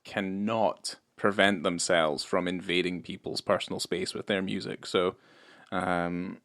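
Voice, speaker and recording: A man's voice: low voice, steady tone, a little slow, a bit bright. A man co-hosting a film podcast in casual chat, hesitant and restarting often, with dry jokes. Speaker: podcast co-host.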